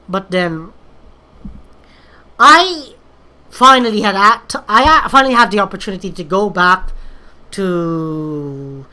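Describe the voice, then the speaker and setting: A woman's voice: mid-range voice, pushed and bright. A young woman from the Philippines, talking through a casual, rambling monologue, hesitant and full of fillers and restarts. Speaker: vlogger.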